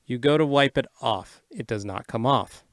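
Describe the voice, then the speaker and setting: A man co-hosting a casual livestream Q&A, reading out viewer questions and explaining answers briskly and matter-of-factly. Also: medium pitch, dry recording, studio quality.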